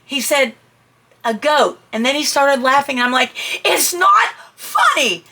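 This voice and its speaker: A middle-aged woman telling a personal story in a chatty, animated way, with asides and fillers. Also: moderate pace. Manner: animated, jumps high and shouts when quoting her own panic. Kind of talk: personal anecdote told to listeners.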